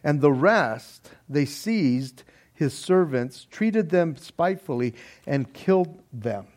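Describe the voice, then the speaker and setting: A man preaching a sermon in a deliberate manner, with soft laughs between points. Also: fairly high pitch, animated. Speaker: pastor.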